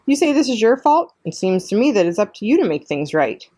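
A woman's voice: medium pitch, sing-song, fairly quick, dark tone, no echo, pitched above the performer's own voice. A woman reading aloud, voicing a blunt, bossy old female goose who squawks and lectures.

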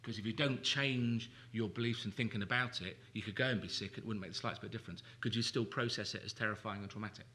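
A man's voice: lowish voice, fast, few pauses, pushed and bright. A man presenting a live seminar workshop in a lecture room, talking emphatically, repeating key phrases and acting out anxious inner thoughts. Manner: emphatic, repetitive, acts out anxious inner voices.

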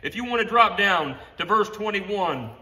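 A man with a high, very bright and forceful voice preaches a fervent sermon. He drives each point home with "Amen" and stumbles into restarts as he goes. The sound rings off the hard walls of a home garage. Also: animated, moderate pace. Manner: impassioned, repeats "Amen" and "honey", stumbles into restarts. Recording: echoey garage room sound.

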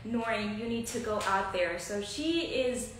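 A woman who owns a beauty salon, speaking softly and gratefully in casual conversation, picked up off-mic by a phone camera. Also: on the high side, unhurried, background noise. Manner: heartfelt, grateful, soft-spoken. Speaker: salon owner. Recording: distant voice in echoey room.

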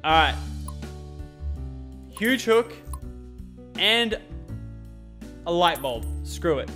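An excitable young Australian man talks his way through a video game, his voice bouncing all over the place and sitting a bit high. He yelps and groans at the game as he plays. Faint music runs underneath. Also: very slow. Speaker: gaming channel host. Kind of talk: excitable let's-play commentary.

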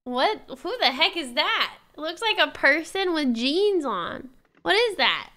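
A woman from Texas with a Texan accent chats casually while streaming a game. Her voice is high and bright, and she giggles often and stumbles over words as she reads on-screen text aloud. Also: sing-song, measured pace.

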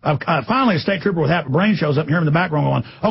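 A man ranting indignantly as a radio talk show host, breaking into mocking shouts. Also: a little high, expressive, rapid-fire, vocal fry, crowd noise. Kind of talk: impassioned radio rant. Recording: dull lo-fi radio broadcast.

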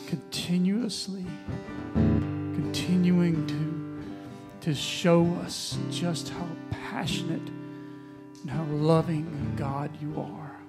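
A man, a worship leader, praying gently and earnestly over guitar playing. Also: a little high, vocal fry. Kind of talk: spoken prayer over guitar. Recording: loud guitar behind the voice.

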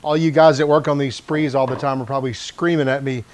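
Talking fast with fairly even intonation at a medium pitch, a channel host works on a motor scooter in his garage. Slight background noise accompanies his casual narration as he thinks aloud with wry jokes at his own expense.

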